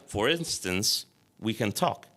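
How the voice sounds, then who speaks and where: A man's voice: on the low side, animated, slow pace, sharp tone, exaggerated voice. A man voicing a polite, submissive birdman creature with a childish voice, read aloud from a story. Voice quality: childish, meek voice. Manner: polite, pleading. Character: male owl-hawk birdman, polite and submissive.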